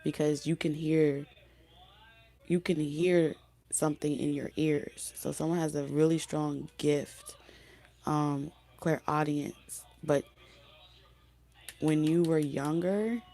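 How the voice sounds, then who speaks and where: A woman giving a casual spoken tarot reading, talking loosely with many fillers and restarts, her voice going hoarse. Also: deep voice, fairly even intonation, slow pace, long pauses, warm tone. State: losing her voice. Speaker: tarot reader.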